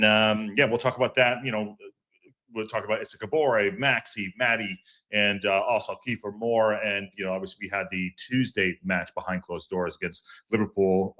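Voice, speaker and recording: A man's voice: lowish voice, bright, forceful tone. A man hosting a casual fan podcast live stream. He rambles and repeats himself with many fillers, and greets chat viewers by name.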